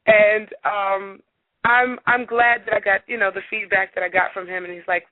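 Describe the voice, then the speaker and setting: A woman singer being interviewed on talk radio, telling stories in a lively way and acting out the dialogue. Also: medium pitch, brisk, no echo. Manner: animated, acts out dialogue in her stories. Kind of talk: casual radio interview storytelling. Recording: dry, phone-like radio audio.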